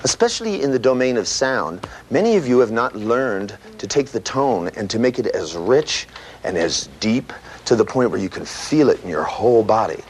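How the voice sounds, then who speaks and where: A man giving a live seminar lecture, animated and profane, full of "you know" and "right", acting out sounds with his voice. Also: lowish voice, normal speed. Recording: noisy old tape recording with clicks.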